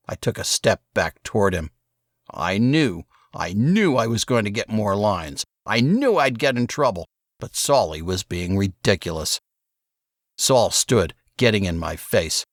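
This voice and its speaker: A man narrating an audiobook in the first person, with expressive storytelling. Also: lowish voice, a little slow, no echo, studio quality.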